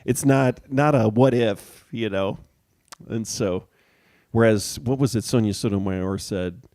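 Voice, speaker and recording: A middle-aged man from the Chicago area, co-hosting a casual chat show and talking in a halting way with many fillers. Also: lowish voice, dark tone, no echo, studio quality. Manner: hesitant, halting, many ums and uhs. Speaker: podcast co-host.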